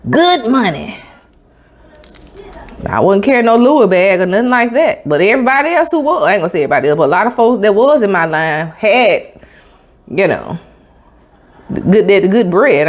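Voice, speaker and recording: A woman's voice: medium pitch, expressive, fast. Sassy woman ranting animatedly. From Tampa, Florida. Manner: sassy, emphatic storytelling with sound effects. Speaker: vlogger. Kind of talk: casual mukbang chat.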